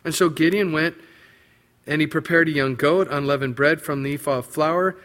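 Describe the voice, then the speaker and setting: A man delivering a sermon in a fairly high voice for a man. He moves between a quiet, low teaching tone and excited, pitched-up retellings of biblical characters. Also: normal speed. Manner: animated, acts out biblical quotes with rising pitch and emphasis. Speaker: pastor.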